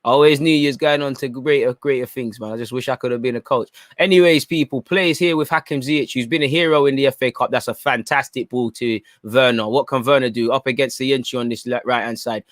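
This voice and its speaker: A man's voice: medium pitch, fairly quick, hardly any pauses, no echo, clean studio sound. A young man giving chatty live commentary during a football watchalong stream and reacting to viewer comments.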